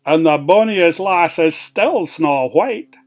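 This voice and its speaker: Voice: mid-range voice, animated, takes it slowly. A Scottish storyteller voicing a blunt, teasing magic mirror in a storybook tale.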